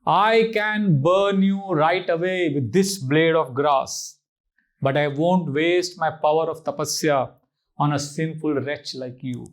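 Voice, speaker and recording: Man putting on a proud captive queen telling off a king, sharp and scornful, pitched up. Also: slow pace. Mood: defiant. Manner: scornful, defiant. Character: virtuous captive queen Sita, woman, fiercely scornful.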